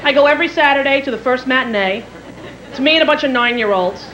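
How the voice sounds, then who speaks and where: A woman in her thirties, a stand-up comedian telling quick, animated stories with jingles and shrill impressions on a theater stage. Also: muffled recording. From New York area. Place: theater stage before a live audience. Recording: live stage mic with loud audience and hall noise.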